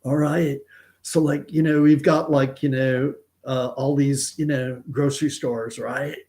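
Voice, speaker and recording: A man's voice: medium pitch, steady tone, a little slow, a little mellow, pitched above the performer's own voice, lightly acted. A man voicing a laid-back California surfer dude, talking in a drawl full of "like" and "you know". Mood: breezy.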